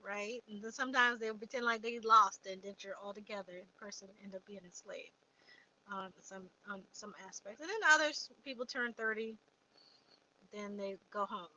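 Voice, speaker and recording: A woman's voice: mid-range voice, fairly even intonation, moderate pace, pushed and bright, dull audio. A woman hosting a casual livestream, chatting and reading viewer comments aloud before answering them. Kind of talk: casual live chat.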